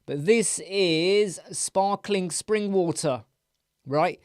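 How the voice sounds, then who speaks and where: A man hosting a live Q&A stream, chatty, rambling and quick to get excited as he reads out and answers viewers' comments. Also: a little high. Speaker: host.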